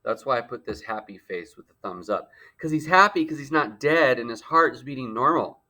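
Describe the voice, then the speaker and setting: A man's voice: mid-range voice, animated, fairly quick, bright, forceful tone. A male teacher giving a playful lecture with frequent joking asides. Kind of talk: jokey classroom lecture.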